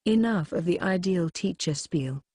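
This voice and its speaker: Blunt, worn-out teacher, flat delivery, read by a woman. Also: on the low side, unhurried, no echo. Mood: exasperated. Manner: dry, offhand.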